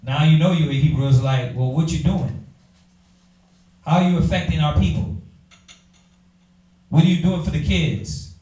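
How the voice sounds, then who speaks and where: A man, teaching a Bible class in an animated preaching style, talking straight to the room. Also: on the high side, moderate pace, pauses often, distant mic. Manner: animated, talks to the room, acts out quoted voices. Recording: echoey room from afar.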